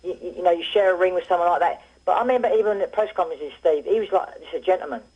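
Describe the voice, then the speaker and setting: A former boxer rattles through fight stories over a muffled phone line. His voice is husky and quick, and his anecdotes ramble along with restarts. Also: high voice, a little mellow. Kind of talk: casual phone interview.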